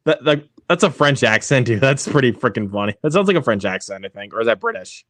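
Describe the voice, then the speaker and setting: A young man in casual chat as a quiz contestant, excitable and stammering, full of filler words. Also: medium pitch, quick pace, no room sound.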